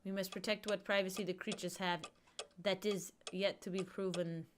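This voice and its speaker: A woman voicing a pompous male German wolf researcher, reading his lines slowly in a deliberately bad mock French accent. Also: medium pitch, fairly even intonation, noisy background, pitched below the performer's own voice, lightly acted. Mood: lecturing. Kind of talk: reading game dialogue aloud.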